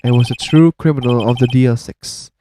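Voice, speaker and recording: A man's voice: medium pitch, fairly even intonation, fairly quick, background noise, natural voice. Man reading as Edgeworth, grave young prosecutor. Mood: troubled. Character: brooding young male prosecutor. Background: game music.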